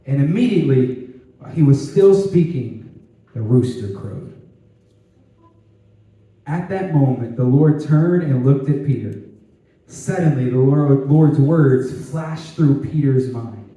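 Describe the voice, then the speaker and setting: A man preaching a lively youth sermon, animated and conversational, with tag questions and laughing asides. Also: a little high, unhurried. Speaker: youth pastor. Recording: echoey hall, distant mic.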